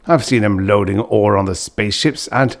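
Man playing grumpy old granddad, scornful, grumbling, low, storybook. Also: normal speed, creaky. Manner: grumbling, dismissive.

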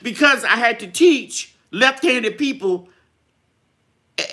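A woman's voice: fairly high pitch, animated, takes it slowly, sharp tone. A middle-aged woman, hosting a gardening live chat in a chatty way, reading out viewer comments and laughing often. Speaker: gardening channel host.

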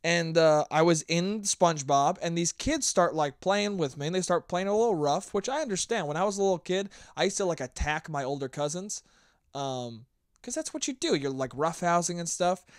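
A man's voice: a little high, moderate pace, clear, resonant tone, no echo, studio quality. A man hosting his own podcast, telling rambling, profane stories in a casual solo chat. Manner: profane, rambling, animated storytelling. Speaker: podcast host.

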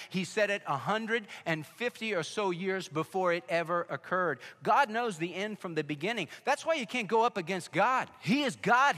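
A man's voice: sits high, bright, forceful tone. A man preaching a sermon as pastor, telling stories and urging listeners directly with emphatic warnings. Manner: emphatic, storytelling, direct address. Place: church sanctuary. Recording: echoey church hall.

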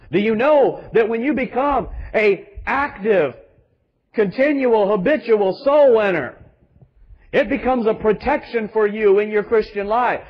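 A man's voice: high-pitched, dull audio. A man pastor preaching a sermon with emphatic rhetorical questions and calls to the congregation.

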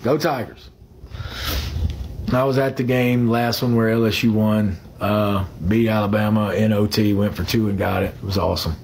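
A man's voice: lowish voice, fairly even intonation, normal speed, creaky, darkish tone, slight background noise. A man chatting casually on a phone livestream. He rambles, fills the gaps with "uh", and greets viewers by name.

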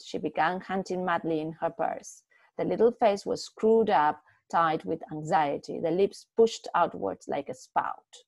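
A woman reading a short story aloud in a steady, expressive way, with a few small slips. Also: on the low side, unhurried, creaky, no echo. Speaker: story reader.

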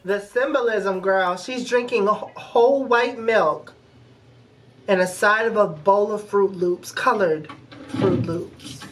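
A woman hosting a movie reaction, talking back at the screen in a loud, profane, casual way over a playing film. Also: mid-range voice, slow, rough recording. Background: film soundtrack playing.

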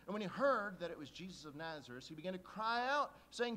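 A man preaching a sermon as a pastor, shifting from quiet, intimate talk to loud emphasis. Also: a little high, sing-song, quick pace, few pauses.

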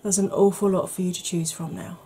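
A woman talking softly in a casual ASMR makeup video, drifting into whispers. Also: on the low side, fairly even intonation, a little fast, slightly rough. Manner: chatty, softly spoken with whispered stretches. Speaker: beauty YouTuber. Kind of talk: soft-spoken ASMR makeup chat.

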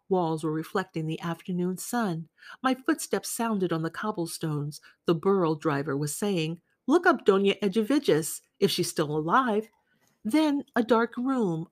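Woman audiobook reader, measured literary narration, dry close mic. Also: medium pitch, no room sound.

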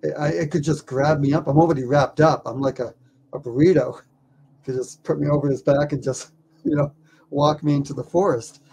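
A man who is a documentary filmmaker, telling a story in an interview with lively stammers and repeated words. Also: on the high side, a little fast, creaky, a little hiss or hum.

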